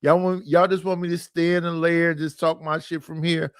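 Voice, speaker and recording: A man's voice: fairly high pitch, little pitch movement, brisk, clear, resonant tone, dry recording, studio quality. Exasperated man ranting on a livestream. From Oakland, California. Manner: exasperated, rhetorical, profane. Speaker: livestream host. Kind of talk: casual livestream rant. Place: his living room.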